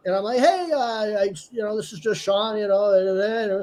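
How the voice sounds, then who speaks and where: A man's voice: high-pitched, moderate pace, darkish tone. A man hosting a casual livestream chat, rambling and laughing often, sometimes muttering asides. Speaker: host.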